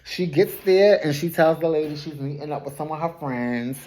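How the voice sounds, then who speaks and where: In a low, mellow voice at normal speed, a woman chats through a reality TV episode recap full of gossip and shade. Her loose, colloquial delivery is peppered with laughter and frequent self-corrections.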